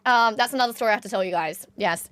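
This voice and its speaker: A young woman chatting casually with her live-stream chat, excitable, jumping between squeals and low mutters. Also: very fast, no room sound. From Australia.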